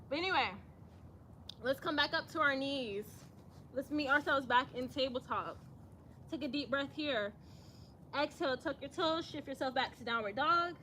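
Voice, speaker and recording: High, bright-voiced young woman yoga teacher. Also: slight background noise. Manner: chatty, hypes herself up out loud. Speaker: yoga instructor. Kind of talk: casual yoga instruction.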